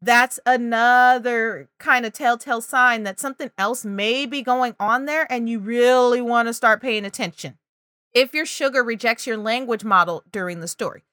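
A woman's voice: fairly high pitch, moderate pace, sharp tone, dry recording, clean studio sound. A woman talking parents through early reading and language signs, acting out child and parent voices now and then. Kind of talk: parenting advice video.

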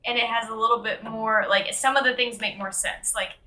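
A woman's voice: a little high, steady tone, fairly quick, pushed and bright. A woman chatting casually on a podcast, hedging her points with lots of fillers. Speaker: podcast co-host.

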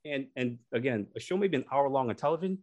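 A young man tells a story in a relaxed, chatty way. His voice sits in a middle pitch. He gets animated and puts on little voices for the people in his tale. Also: fast. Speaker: podcast co-host. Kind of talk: casual storytelling.

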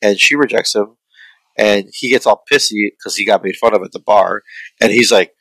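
A man in a casual chat about a film, talking in a rambling, profane, animated way. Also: lowish voice, moderate pace, no room sound, low-quality recording. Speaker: podcast co-host reviewing a film.

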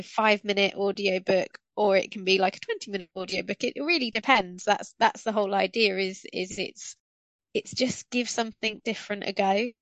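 A woman's voice: mid-range voice, a bit bright, no echo, poor audio. A woman guest on a podcast, talking in an encouraging, loose, rambling way. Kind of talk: casual chat.

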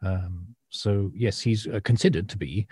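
Low husky man with a Northern English accent. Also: steady tone, measured pace, warm tone, no room sound, clean studio sound. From northern England. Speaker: podcast co-host, art historian. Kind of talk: bantering podcast chat.

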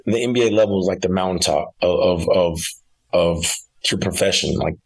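Deep husky-voiced man telling stories. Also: moderate pace, poor audio. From Arkansas, United States. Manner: casual, repeats and restarts often. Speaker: college basketball coach. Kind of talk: casual interview storytelling.

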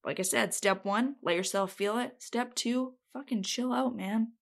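A woman's voice: on the high side, measured pace, vocal fry. A woman giving casual self-help advice to camera. She is blunt and feisty, swears freely and stresses her points hard. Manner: feisty, emphatic.

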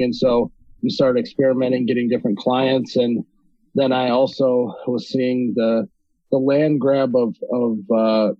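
Man from North Dakota, podcast guest, monotone and halting, dry lo-fi sound. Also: mid-range voice, no echo. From North Dakota, USA. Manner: hesitant, many ums and restarts. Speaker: podcast guest, video creator. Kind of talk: casual interview conversation.

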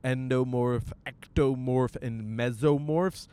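In a slow, mellow, steady tone, a man with a smooth, resonant, mid-pitched voice rambles to his podcast audience from the driver's seat. It's a casual monologue of self-mocking jokes, free swearing and silly voiced asides.

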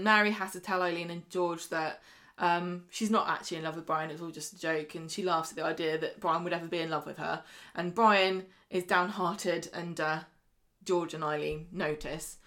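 A woman's voice: on the low side, steady tone, moderate pace, few pauses, sharp tone. A woman co-hosting a podcast, recapping a soap in casual chat and laughing often. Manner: chatty, laughs often, acts out characters' lines. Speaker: podcast co-host.

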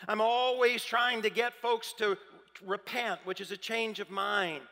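A man's voice: sits high, steady tone, measured pace, sharp tone, voice pushed up. A man voicing a despairing, worn-out prophet. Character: weary, discouraged male prophet on the verge of quitting. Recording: long reverb of a large hall.

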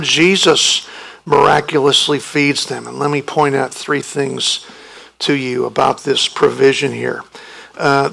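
A male pastor preaching at a slow, deliberate pace. His voice is bright and gravelly, and he turns emphatic when he acts out protests. It sounds like a sermon given from the pulpit. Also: on the high side, low-quality recording. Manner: emphatic, rising sharply when voicing the disciples' protests.

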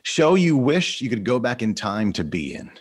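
A man hosting an interview, upbeat and quick to laugh, running a rapid-fire question round. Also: mid-range voice, big pitch swings, husky. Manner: upbeat, laughs often, brisk quiz questions. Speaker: podcast host. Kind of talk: casual interview.

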